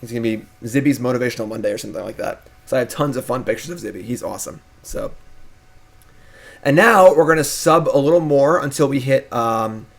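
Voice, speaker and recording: A young man chatting on his live stream in a relaxed, playful way. His pitch sits right in the middle for a man. He talks to his pet and the viewers at an easy, unscripted pace. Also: brisk, gravelly. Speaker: streamer and host. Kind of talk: casual live-stream chat.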